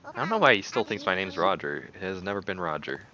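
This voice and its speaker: A man's voice: low-pitched, very animated, fast, crowd noise. Giggly man narrating his gameplay. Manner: chatty, giggly, muttering asides to the game. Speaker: gaming YouTuber. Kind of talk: casual gameplay commentary. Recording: dull lo-fi recording.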